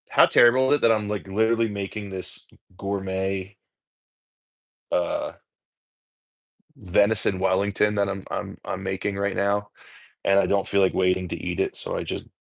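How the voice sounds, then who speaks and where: Prepping food on camera, this home cook content creator talks in a lowish voice with vocal fry and a New Jersey accent. His chat wanders, turns self-deprecating and is full of cursing. Nothing in the recording adds room sound; it is dry.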